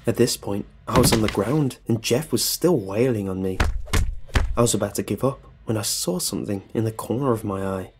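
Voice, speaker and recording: A man's voice: fairly low pitch, brisk, darkish tone. A man narrating a comedic horror story in the first person, with dry comic asides. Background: faint music.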